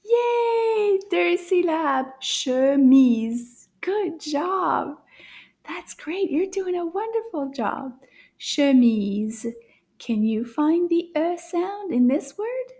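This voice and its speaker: A woman with a bright, high voice leads a children's language lesson at an unhurried pace. She sounds cheerful and coaxing, praising often and dropping into soft whispers to build a little suspense. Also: very animated. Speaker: French teacher for children. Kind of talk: slow, encouraging kids' lesson.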